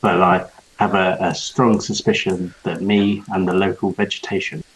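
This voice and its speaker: A man voicing a boastful male dark elf sports player in a tabletop role-play, speaking in his own voice in a halting way. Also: sits low, flat delivery, slightly rough, low-quality recording. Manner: slow, halting, giggly.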